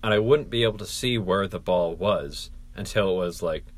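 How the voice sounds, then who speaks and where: Deadpan man with a deep voice. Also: moderate pace. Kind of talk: casual comedic chat.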